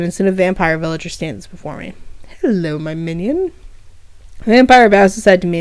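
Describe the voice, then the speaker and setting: A woman's voice: on the low side, no echo. A woman reading her own fan fiction aloud on a livestream, breaking off for casual asides with fillers. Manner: casual asides with fillers between story passages.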